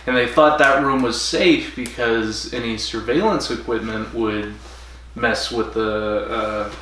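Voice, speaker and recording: A man co-hosting a casual podcast, upbeat and quick to chuckle as he chimes in with notes. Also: medium pitch, fairly even intonation, sharp tone. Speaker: podcast co-host. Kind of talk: casual chat. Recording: echoey room, distant mic, faint background hum.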